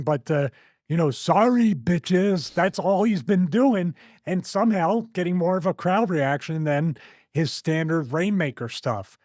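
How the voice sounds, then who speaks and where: A man's voice: fairly high pitch, no echo, studio quality. Opinionated Philly-accented man hosting. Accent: Philadelphia. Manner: animated, opinionated, laughs often. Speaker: wrestling show host. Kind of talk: casual podcast chat.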